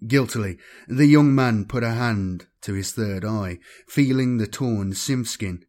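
A man giving a measured, dramatic scripted narration of a science-fiction audiobook. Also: lowish voice, darkish tone.

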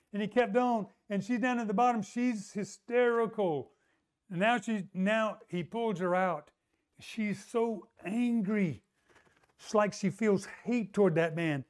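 High-voiced preacher, animated storyteller. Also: male voice, clean tone. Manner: animated storytelling, acts out the voices of the people he quotes. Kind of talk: sermon.

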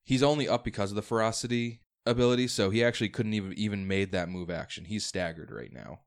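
A man's voice: lowish voice, quick pace. A man acting as game master, explaining rules step by step and thinking aloud as he runs a tabletop game.

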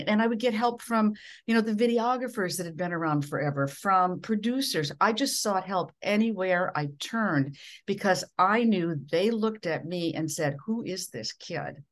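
A middle-aged woman from Minnesota, a veteran television newscaster, telling stories from her career in an earnest way. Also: medium pitch. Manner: earnest, with frequent restarts and quoted dialogue. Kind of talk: reflective storytelling in an interview.

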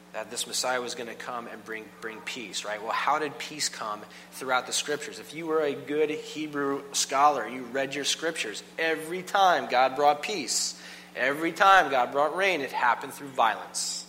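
A man's voice: medium pitch, unhurried, bright, forceful tone. Conversational man preaching in a reverberant church. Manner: conversational, asks the congregation questions. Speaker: pastor. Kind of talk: sermon. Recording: long reverb, faint hum.

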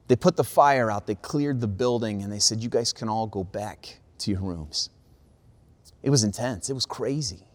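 A young adult man, a pastor, preaching a sermon and telling a personal story with lively quoted voices. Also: on the low side, moderate pace. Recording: long reverb of a large hall.

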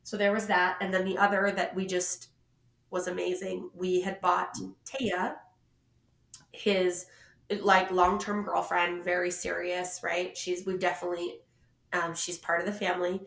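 Woman podcast cohost telling a story, acts out the quotes, bright voice, kinda echoey room. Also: on the low side, flat delivery, measured pace, creaky. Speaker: podcast co-host. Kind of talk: casual chat. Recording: roomy echo.

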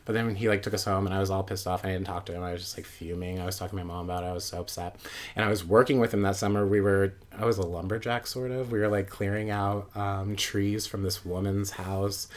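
A deep, steady-toned male voice moves quickly as this late-twenties guest tells a personal story. His casual telling rambles along, packed with fillers and side comments.

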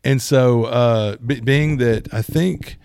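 A man chatting casually about movies, rambling and animated with many restarts. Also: mid-range voice, takes it slowly, creaky, smooth, dry recording, clean studio sound.

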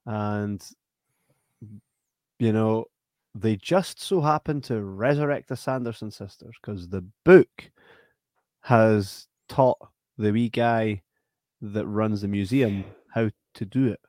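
A man's voice: on the low side, takes it slowly, pauses often, no echo, clean studio sound. Sweary man ranting about films. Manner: blunt, sweary, animated when ranting. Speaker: podcast co-host. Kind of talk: casual film review chat.

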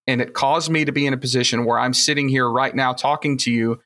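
Bright-voiced Southern man telling stories. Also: medium pitch, steady tone, fast. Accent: Southern US (Alabama). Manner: rambling, enthusiastic storytelling with frequent fillers. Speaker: podcast guest, future host. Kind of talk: casual podcast conversation.

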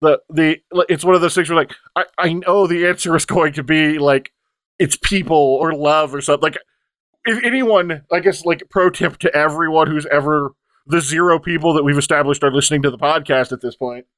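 A man with a slightly raised speaking pitch talks through a tabletop game recap as a podcast co-host. He rambles into chatty asides and keeps quoting what the other players said. The recording is close and dry. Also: a little fast, fairly bright tone, no room sound.

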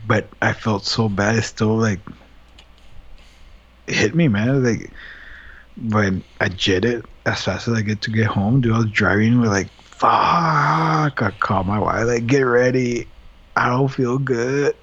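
A man's voice: fairly low pitch, measured pace, husky. Profane man telling a story, dull lo-fi audio. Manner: profane, animated retelling with quoted asides. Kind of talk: casual storytelling chat.

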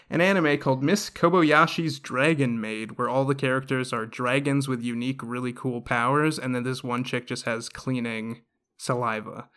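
A man hosting a casual comedy podcast quiz, laughing often. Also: mid-range voice. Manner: giggly, animated.

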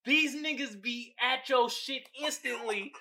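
A man's voice: high-pitched, lively intonation, normal speed, very noisy. A man hosting a podcast, riffing casually on memes with profane slang and frequent laughter. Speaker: podcast host. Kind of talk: casual comedic commentary on memes.

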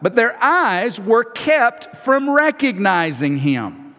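A man preaching a sermon in a relaxed, conversational way. His fairly high voice swings widely up and down, and he stumbles over and repeats words as he starts phrases. The sound rings with the long reverb of a large hall. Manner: acts out the disciples' lines in quick, lively bursts. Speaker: pastor.

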